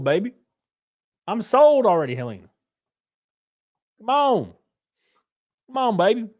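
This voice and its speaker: A man hosting a casual livestream, reading viewers' comments aloud and answering them in a loose, joking, rambling way. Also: high-pitched. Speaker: livestream host reading chat.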